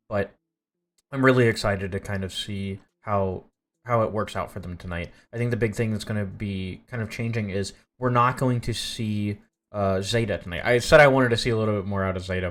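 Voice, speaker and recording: A man's voice: fairly low pitch, a bit bright. A man casting an esports match live, rambling with many fillers and restarts, flustered by technical trouble. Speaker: esports caster. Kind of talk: live play-by-play commentary.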